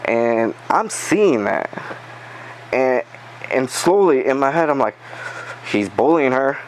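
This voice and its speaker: A man telling a story in a casual podcast chat, animated, swearing and acting out the quotes. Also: medium pitch, takes it slowly, slight background noise, poor audio. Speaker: podcast guest.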